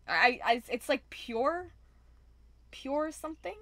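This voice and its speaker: A young woman streamer giving casual, chatty, excitable commentary on a game, laughing often. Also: a little high, normal speed, no echo. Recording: noisy stream audio with clicks.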